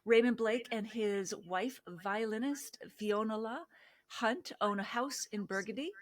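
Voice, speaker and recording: A woman's voice: a little high, measured pace. Enthusiastic woman podcast host. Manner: enthusiastic, laughs often. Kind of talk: interview host intro and chat.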